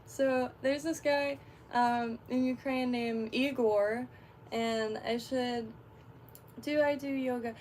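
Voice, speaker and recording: A woman's voice: a little high, fairly even intonation, takes it slowly, darkish tone, a little hiss or hum. A woman from Florida chatting on a livestream, rambling with lots of fillers and frequent laughs. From Florida, USA. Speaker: fishing livestreamer. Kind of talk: casual livestream chat.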